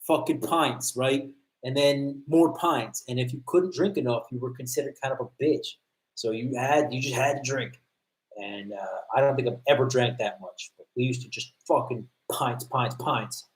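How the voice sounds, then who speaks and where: A man's voice: medium pitch, normal speed. Blunt, swearing American man on a livestream. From United States. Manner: blunt, profane, storytelling. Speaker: livestream host, combatives trainer. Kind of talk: casual livestream chat. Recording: roomy echo.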